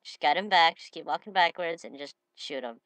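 A slightly sniffly woman giving excitable gameplay commentary, breaking into shouted trash talk. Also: sits low, brisk, smooth, dry recording. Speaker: gamer.

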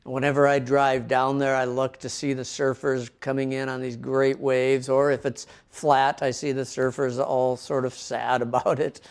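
Recorded at his coastal-town home for an online service, a middle-aged Midwestern American pastor opens his sermon with a casual story, frequently restarting words and dropping in fillers. He speaks in a smooth, mid-range voice with a flat delivery, at a moderate pace with few pauses.

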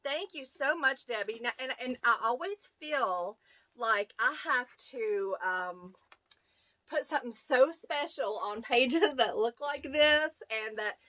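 A woman with a rural American accent hosting a casual unboxing video, excitable and gushing as she talks to her viewers. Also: fairly high pitch, slow, dry recording. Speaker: YouTube channel host. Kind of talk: casual unboxing of fan mail.

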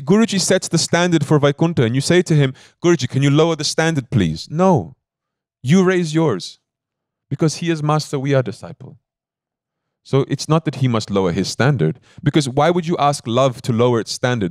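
A man's voice: mid-range voice, a little mellow, no room sound, clean studio sound. A man giving a devotional sermon as a spiritual teacher, telling a story in an emphatic, conversational way and often checking in with his listeners.

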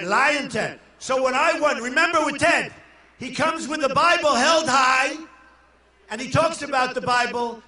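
An older man from New York giving a boastful, rambling rally speech to a crowd and shouting some lines. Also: extremely high pitch. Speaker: political candidate at a rally. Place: large indoor arena. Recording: echoey hall from far off.

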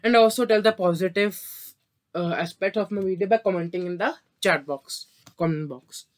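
A man's voice: sits high, normal speed. A man giving an English vocabulary lesson from a script, sometimes tripping over words and correcting himself. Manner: stumbles and apologizes for slips. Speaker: English teacher.

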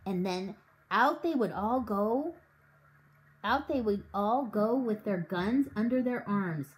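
A woman's voice: mid-range voice, slow pace, poor audio. A woman reading as an eager scheming dad. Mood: gleeful. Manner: conspiratorial, grows excited. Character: warm scheming father with a broken leg.

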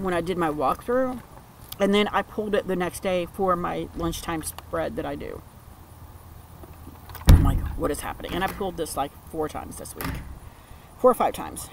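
A man's voice: a little high, vocal fry, background noise. A man sharing tarot decks in a casual vlog, gushing and sentimental as he talks. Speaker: tarot card reader. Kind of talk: casual vlog, showing and reading cards.

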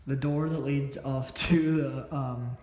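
A man's voice: mid-range voice, fairly even intonation, takes it slowly, a little mellow, reverberant, a little hiss or hum. A man narrating as he explores an abandoned house, a bit out of breath, rambling and often correcting himself, filmed on a phone. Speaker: urban explorer vlogger. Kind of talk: casual walkthrough narration. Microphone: phone held while filming.

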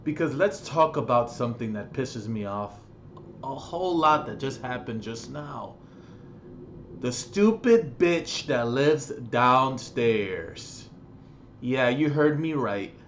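A young man ranting angrily on his vlog, profane and agitated, with sudden loud outbursts. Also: mid-range voice, expressive, slow pace, a little hiss or hum. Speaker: vlogger.

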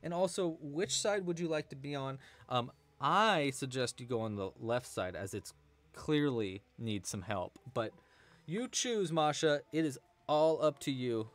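A man's voice: mid-range voice, expressive, unhurried. A man hosting a live crochet tutorial stream, chatting casually, thanking donors and answering the chat. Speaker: crochet livestream host.

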